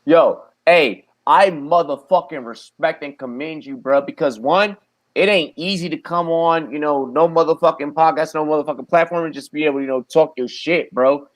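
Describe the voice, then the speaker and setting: A man's voice: on the high side, normal speed. A man hosting a casual podcast, talking in a heated, emphatic way with heavy swearing. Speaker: podcast host. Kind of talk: casual profane podcast chat.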